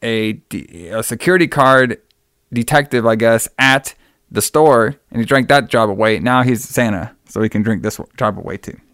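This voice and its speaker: A young man rambles through a film plot with plenty of fillers and restarts. His voice sounds smooth and resonant. The recording is dry and close. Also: mid-range voice, moderate pace, fairly bright tone, dry recording. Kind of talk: casual film recap.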